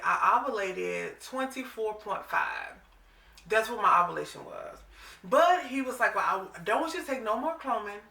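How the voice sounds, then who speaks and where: Brief: woman, 40s, casual vlog storyteller, bright and forceful, a little off-mic. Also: mid-range voice, reverberant, distant mic. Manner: animated, dramatic retelling with quoted voices. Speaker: vlogger.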